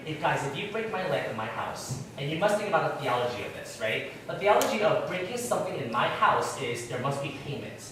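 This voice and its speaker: A man teaching a Bible class. He asks the class questions in a lively, conversational way. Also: on the high side. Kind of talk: interactive Bible study teaching. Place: church classroom. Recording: echoey room, distant mic, background noise.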